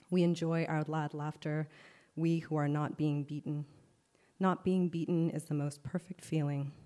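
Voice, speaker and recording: A woman's voice: sits low, warm tone. A woman performing a spoken word poem, rhythmic, shifting between narration and voiced lines from a crowd.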